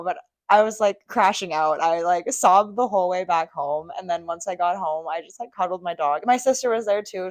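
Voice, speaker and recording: A woman's voice: fairly low pitch, no room sound. A young adult woman co-hosting a podcast, telling personal stories candidly and emotionally, with frequent swearing. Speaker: podcast co-host. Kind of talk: casual chat.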